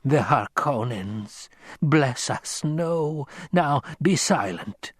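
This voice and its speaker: A man voicing a menacing old woman who speaks slowly and commandingly, recorded dry and close. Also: medium pitch, animated, breathy edge, no echo, pitched above the performer's own voice, heavily acted. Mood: stern, menacing. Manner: slow, stern, commanding. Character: menacing old female witch-like crone.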